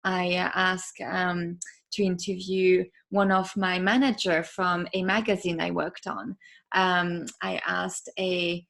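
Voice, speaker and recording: A woman podcast host being interviewed, talking casually with many fillers and soft laughs. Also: fairly low pitch, flat delivery, slow pace, creaky.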